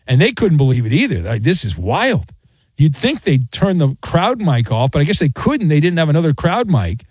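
A man hosts a sports talk radio show, opinionated and animated as he tells stories. His voice sits high and swings widely in pitch. The studio sound is close and dry. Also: no echo. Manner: opinionated, chatty, animated storytelling. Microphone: studio microphone.

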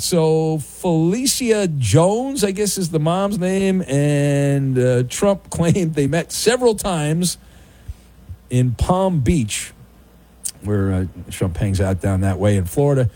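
A man's voice: fairly high pitch, lively intonation, mellow. A man hosting a sports talk radio show, bantering with callers and running through football news. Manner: brisk, bantering, jumps between callers and news.

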